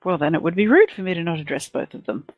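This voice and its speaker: Woman player; courteous, a little formal, low-ish, dry close mic. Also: expressive, fast, dry recording, dull audio, faint music behind. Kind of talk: playing a character in a tabletop game.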